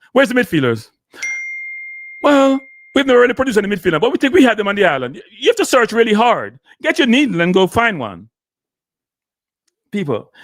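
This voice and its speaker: Jamaican host, heated patois rant, rapid-fire, dry close sound, fairly high voice. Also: male voice, no echo. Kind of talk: heated live commentary.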